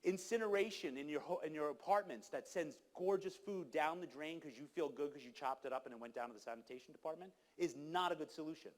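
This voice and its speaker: Guy preaching at a conference crowd, kinda high voice, punchy and pushy. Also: fast, few pauses. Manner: emphatic, exhorting, acts out quoted people. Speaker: conference speaker. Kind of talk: animated conference talk. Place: conference hall.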